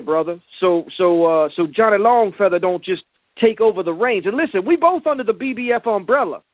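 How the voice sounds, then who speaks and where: High-pitched man, brash slangy caller, dry close sound, tinny phone line. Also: dry recording. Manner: brash, slangy, boastful tough talk.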